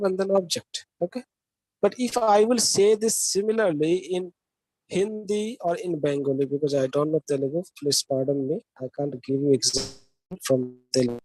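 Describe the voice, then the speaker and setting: A man's voice: on the high side, a little mellow, no echo, poor audio. A man with an Indian English accent giving a classroom lecture, often checking in with students and asking them questions. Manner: talks with frequent "okay?" checks and questions to students.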